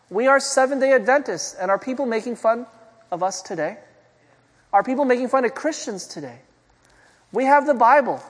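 A man preaching a sermon in a conversational way, often asking the congregation rhetorical questions. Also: very high-pitched. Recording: long hall reverb.

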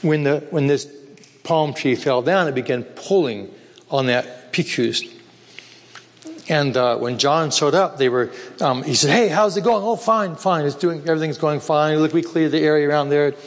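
A man telling a missionary story in a lively, animated way, acting out the voices of the people in it. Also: fairly high pitch, normal speed, in a large hall. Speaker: missionary speaker. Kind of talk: storytelling talk.

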